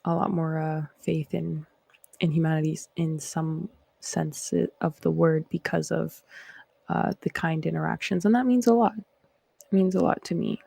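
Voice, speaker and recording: A woman's voice: low-pitched, fairly even intonation, unhurried, creaky, mellow, slightly rough, no echo. A woman from Canada with a Canadian accent, hosting a casual livestream chat in a rambling, reflective way. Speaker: host.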